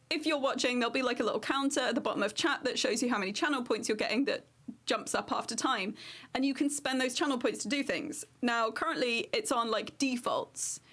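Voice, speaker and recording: A woman's voice: on the high side, a bit bright. A woman streaming casually, chatty and effusive, with lots of ums. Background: ukulele.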